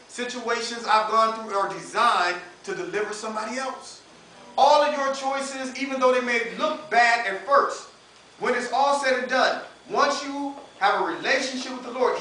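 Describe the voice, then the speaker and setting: A young man preaching an informal sermon to students, chatty and laughing often, dropping into a lower voice to act out what people say. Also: bright, forceful tone. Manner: conversational, laughing often, acts out quotes in a lower voice. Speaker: campus minister preaching. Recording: roomy echo, recorded from a distance, faint background noise.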